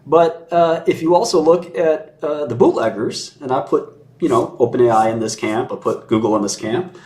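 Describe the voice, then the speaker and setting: A man's voice: mid-range voice, normal speed, darkish tone. A man in a casual conversation who talks in an opinionated and sarcastic way, chuckling mid-sentence and mimicking others in mocking voices.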